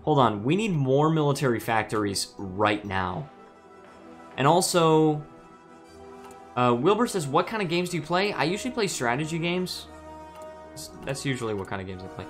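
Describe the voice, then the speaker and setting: A man's voice: fairly high pitch, very animated, moderate pace, soft background music. A man streaming a strategy game, musing aloud with hesitant restarts while reading chat messages.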